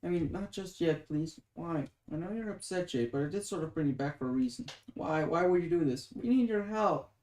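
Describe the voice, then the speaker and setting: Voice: mid-range voice, a little fast, few pauses, a little mellow, close to an everyday voice. A reader voicing a guilty but determined young woman, speaking in an urgent, coaxing and apologetic way. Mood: urging. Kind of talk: dramatic reading of a webcomic. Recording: roomy echoing room.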